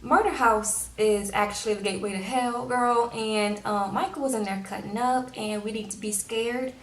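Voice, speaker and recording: A woman's voice: on the high side, steady tone, normal speed, slight background noise. A young woman from Louisiana, sassily recapping a TV episode in casual chat and acting out the characters' lines. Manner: chatty and sassy, acts out characters' lines. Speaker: TV recap vlogger. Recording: echoey room.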